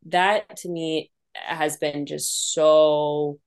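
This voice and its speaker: A woman in her thirties hosting a podcast, telling stories in a chatty, animated way full of filler words. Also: sits low, very slow, clear, resonant tone. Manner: chatty, animated storytelling with many "like"s. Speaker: podcast host. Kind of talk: casual chat.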